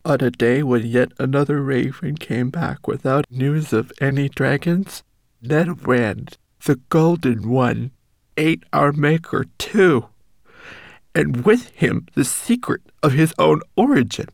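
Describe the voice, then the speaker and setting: A man voicing a small, timid male homunculus servant in a high, quavering, pleading voice, as an audiobook character. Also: takes it slowly, creaky, no echo. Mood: grieving, urgent.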